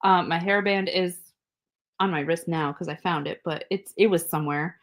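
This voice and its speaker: Animated woman telling a story, laughing. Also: lowish voice, moderate pace. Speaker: podcast co-host. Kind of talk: casual storytelling chat.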